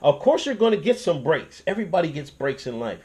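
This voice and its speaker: A man's voice: a little high, brisk. A young man hosting his own channel, ranting in casual commentary with lots of swearing and restarts. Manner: profane, animated ranting with restarts and laughs.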